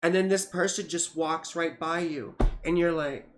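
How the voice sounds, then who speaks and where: A woman astrologer chatting casually on a livestream, rambling with many fillers and grumbling at her software. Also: low voice, fairly even intonation, moderate pace, noisy background. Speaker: astrologer reading charts on a livestream.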